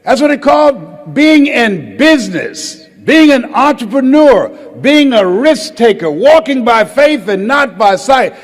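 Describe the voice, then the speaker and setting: An older man giving a motivational speech to a live audience, calling for hands and repeated lines, swinging between loud exhortation and quiet storytelling. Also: very high voice, big pitch swings, slow pace, hardly any pauses. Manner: call-and-response, asks the crowd to raise hands and repeat lines. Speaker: motivational speaker. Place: large hall with a live audience. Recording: long hall reverb.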